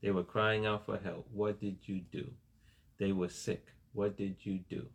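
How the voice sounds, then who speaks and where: A man's voice: fairly low pitch, flat delivery, measured pace, gravelly. A man preaching a sermon in a casual, conversational way, often asking "right?" and laughing along with listeners. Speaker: pastor.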